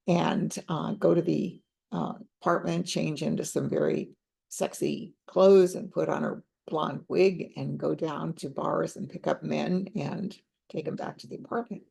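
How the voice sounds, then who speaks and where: A woman's voice: deep voice, creaky, dark tone, slightly rough. An older woman counselor telling a story from her practice in a reflective, conversational way. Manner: reflective, unhurried, conversational with fillers. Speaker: counselor and teacher. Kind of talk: storytelling talk.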